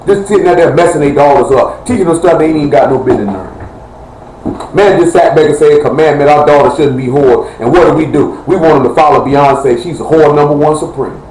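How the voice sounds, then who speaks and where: A man's voice: on the high side, fairly quick, darkish tone. A man preaching a fiery live-streamed sermon in a heated, blunt and rambling colloquial way. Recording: echoey room with faint noise.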